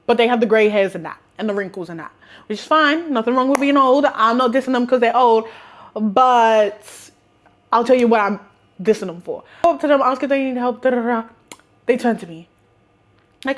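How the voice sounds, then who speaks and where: A young woman with an Australian accent telling a casual storytime, animated and sarcastic, often breaking into laughter. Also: on the high side, fairly quick. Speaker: vlogger.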